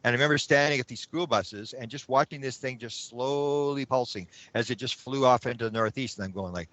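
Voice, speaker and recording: A man telling a story as a guest in an interview, animated and repeating words when he gets excited. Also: mid-range voice, a little fast, no echo, lo-fi sound.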